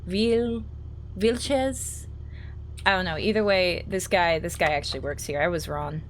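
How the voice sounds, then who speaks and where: A woman's voice: mid-range voice, big pitch swings, measured pace, pauses often, a bit bright, a little hiss or hum. A woman streamer giving casual, playful commentary while playing a horror game, reading lines aloud and talking to her chat.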